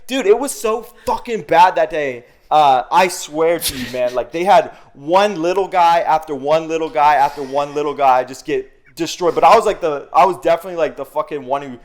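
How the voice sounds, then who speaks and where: A man's voice: fairly high pitch, normal speed, few pauses. A man telling a story in casual podcast chat, swearing freely and acting out quoted dialogue. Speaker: podcast guest.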